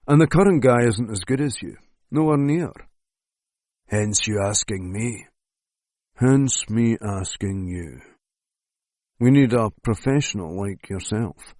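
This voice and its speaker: A man voicing a scheming male go-between for a crime boss, low and measured. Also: mellow, no room sound, clean studio sound.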